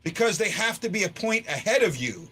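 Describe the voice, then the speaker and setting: Bright-voiced stammering male show host. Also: high voice, fairly quick, breathy edge. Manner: stammering, restarts words often; swings from stunned to excited. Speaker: host of a fan post-game show. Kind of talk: casual post-game chat.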